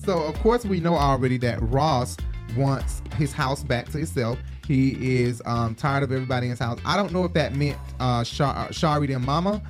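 Guy chatting through a tv recap, rambly, lots of ums, mid-pitched voice, faint music under him. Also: moderate pace. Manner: chatty, rambling, with many fillers. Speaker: show recap host. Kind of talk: casual chat.

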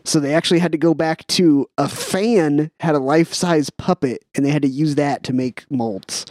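A man co-hosting a casual film podcast, chatting and reading trivia aloud in a relaxed way. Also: fairly high pitch, moderate pace, no echo, studio quality. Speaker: podcast co-host.

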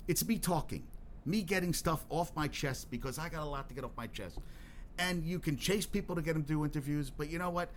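A man with a fairly high voice hosts his own solo podcast, talking a little fast over a slight hiss or hum. He rambles profanely, restarting a lot, and grows more worked up and emphatic as he goes.

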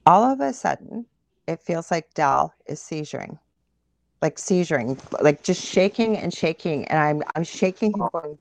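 A woman from Canada speaks as an interview guest, pitched a little low and recorded dry and close. She retells her story vividly and with animation, as if reliving it. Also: moderate pace, dry recording. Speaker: guest medium.

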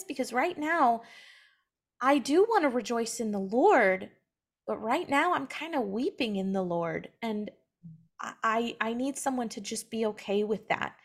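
Earnest higher-voiced young woman. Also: normal speed. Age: young adult. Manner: earnest, animated when quoting others. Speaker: guest, mother sharing her story. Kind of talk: casual faith conversation.

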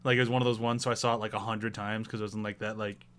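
A man hosting a casual movie review chat, animated, laughing often and leaning on fillers. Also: on the low side, racing, clear, resonant tone. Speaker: podcast host.

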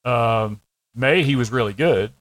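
A man co-hosting a sports podcast in casual chat, making wry deadpan quips and breaking down plays in detail. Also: mid-range voice, measured pace, no room sound, poor audio. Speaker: podcast co-host.

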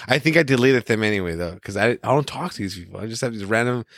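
A man's voice: on the low side, lively intonation, brisk, fairly bright tone, no echo, clean studio sound. A man co-hosting a podcast, chatting in an easygoing, enthusiastic way. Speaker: podcast co-host. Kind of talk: casual chat.

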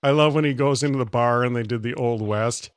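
Male podcast host, dry deadpan wit, very dry room. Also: medium pitch, brisk, smooth, dry recording. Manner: deadpan, teasing. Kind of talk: casual podcast chat.

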